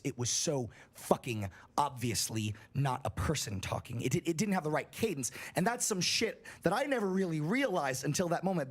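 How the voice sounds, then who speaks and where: A young man reading a scary story aloud on a livestream, in a profane, animated storytelling manner. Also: mid-range voice, breathy edge.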